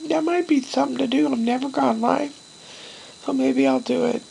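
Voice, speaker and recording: A middle-aged woman vlogging casually, telling a rambling personal story in a meandering, wistful way with pauses and trailing sighs. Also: sits high, fairly even intonation, creaky, warm tone, slight background noise, poor audio.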